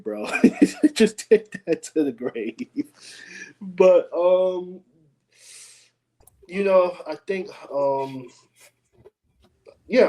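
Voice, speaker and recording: A man co-hosting a casual sports podcast, laid-back, filling pauses with lots of ums. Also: fairly high pitch, mellow, low-quality recording. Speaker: podcast co-host.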